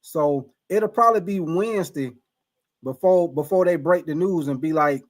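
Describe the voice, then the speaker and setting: A man with a somewhat high voice hosts a laid-back live stream, answering viewers one by one. His talk is loose and conversational, full of restarts and stumbles over names. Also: normal speed. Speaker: live stream host reading chat. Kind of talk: casual live stream chat.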